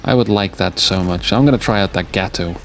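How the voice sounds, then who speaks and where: A deep-voiced man talks a little fast as he casts a strategy war game late at night, sounding tired. He rambles, cracks jokes, and wanders off topic between calls of the action, while gunfire and vehicle noise from the game play behind him.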